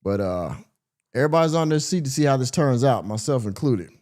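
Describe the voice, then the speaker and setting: Mellow rambling podcast host. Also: male voice, mid-range voice, animated, fairly quick. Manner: rambling, heavy on fillers. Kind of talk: casual reaction commentary.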